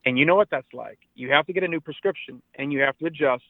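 A man's voice: fairly high pitch, quick pace, no room sound. Man in his forties, pastor, earnest preaching delivery, repeats words for emphasis, tinny phone line, dry sound. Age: 40s. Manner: earnest, exhortative, repeats words when stressing. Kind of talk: radio interview, preaching tone.

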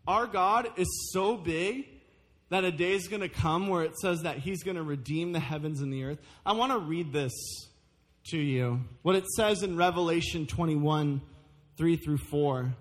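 A man preaching a sermon in a church, earnest and emphatic, easing into a soft pleading tone with the congregation. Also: a little high, normal speed. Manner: earnest, rising to emphatic, then softly pleading. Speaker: pastor. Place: church sanctuary. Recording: church service audio with music underneath. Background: worship music.

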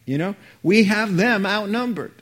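A man voicing a calm old male prophet who reassures in a relaxed, matter-of-fact way. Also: high voice, a little slow, voice pushed up. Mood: reassuring.

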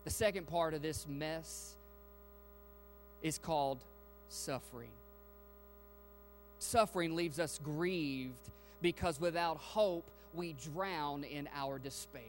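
A male preacher delivering a sermon in an unhurried, deliberate rhythm, with a voice that sits a little high for a man. He drops to near whispers, then builds to loud, impassioned peaks, calling out questions to his congregation. Soft instrumental music plays faintly underneath. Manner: dynamic preaching, swinging from hushed to loud and fervent; addresses congregation directly, asks them questions. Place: church sanctuary.

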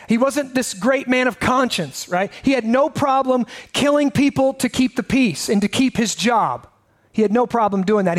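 A pastor preaching a sermon in a conversational way, asking his listeners many rhetorical questions. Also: very high voice.

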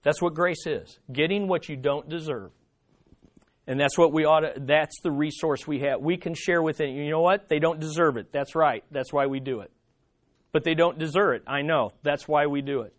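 A man's voice: fairly high pitch, moderate pace. A man preaching a sermon, emphatic, repeating phrases and asking the congregation questions. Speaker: pastor.

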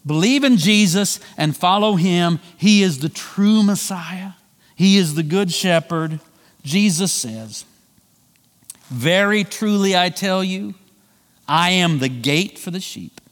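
A male pastor delivering a sermon, swinging between loud emphatic lines and quiet drawn-out phrases. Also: expressive, big-room sound. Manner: preaching with wide swings of pitch and volume, slowing for emphasis.

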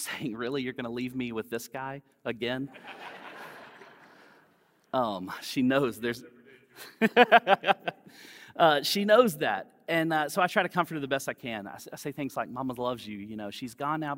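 A man preaching a sermon as pastor, speaking gently and conversationally and weaving in personal stories. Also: mid-range voice. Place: church. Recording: long reverb of a church hall.

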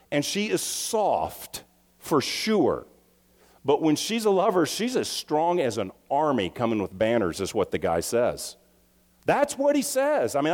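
Lively preaching man in a reverberant hall. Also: fairly high pitch. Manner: lively, conversational preaching with many restarts and asides. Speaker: pastor. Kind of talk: sermon.

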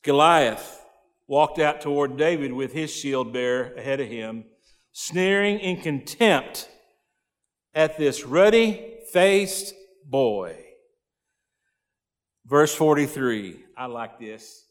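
A man's voice: on the high side, lively intonation, slow pace. A man preaching a sermon, reading scripture verses and retelling them in folksy slang. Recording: long hall reverb.

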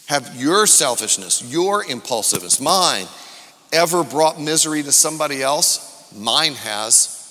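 A man's voice: on the high side, lively intonation, a little slow. A man preaching a sermon to his congregation, calling out questions to the room and drawing answers from them. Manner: rising from quiet reflection to loud calls to the congregation. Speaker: pastor. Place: church sanctuary. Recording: long hall reverb from a church.

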